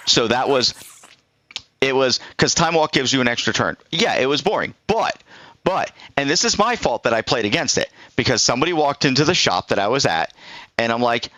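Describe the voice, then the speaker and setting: A man's voice: mid-range voice, expressive, moderate pace, bright, forceful tone, dry recording, low-quality recording. A middle-aged man on a live stream, telling a rambling anecdote and acting out both sides of the conversation. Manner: rambling storyteller, acts out both sides of the dialogue.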